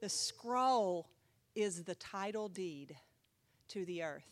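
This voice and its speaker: A woman pastor teaching a Bible class in a chatty, animated way, often asking the class questions. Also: mid-range voice, slow pace, no room sound.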